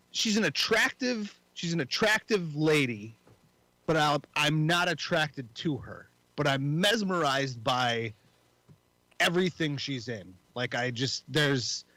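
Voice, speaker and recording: A man's voice: fairly high pitch, pushed and bright, dry recording, low-quality recording. A man co-hosting a podcast in casual chat, rambling with frequent restarts and casual swearing. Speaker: podcast co-host.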